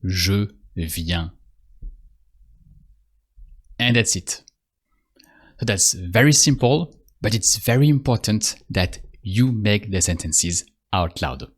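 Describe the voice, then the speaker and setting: A man teaching a language lesson, patient and repetitive, pausing so the learner can answer. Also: on the low side, animated, breathy edge. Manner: slow, patient, repeats phrases and pauses for the learner. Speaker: French teacher. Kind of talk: calm spoken language lesson.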